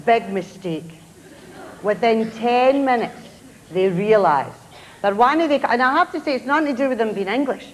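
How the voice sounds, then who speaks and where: A woman's voice: fairly high pitch, expressive, moderate pace, low-quality recording. A Scottish woman telling comic stories on stage as a show host, chatty and mocking as she acts out relatives and tourists. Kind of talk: stand-up storytelling to a live audience. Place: television studio before an audience. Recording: TV studio with loud audience laughter and noise.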